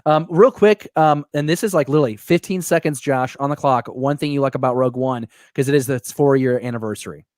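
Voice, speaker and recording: A man hosting a live show, talking in an energetic, rambling, joking way, reading out fan questions. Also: mid-range voice, a little fast, few pauses, dry recording, clean studio sound. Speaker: host.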